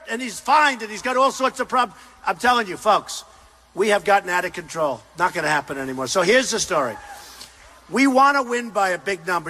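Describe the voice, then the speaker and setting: Older man, rally speech, bright forceful tone, fairly high voice, punchy repeated phrases. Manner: repetitive, emphatic, often shouting to a crowd. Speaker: political candidate at a rally. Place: large university arena.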